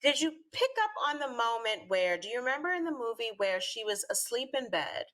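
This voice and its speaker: A woman talks in a clear, bright voice that sits a bit high. She sounds earnest and emphatic, and her discussion is casual and lively with animated asides. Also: fairly quick. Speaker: talk show co-host.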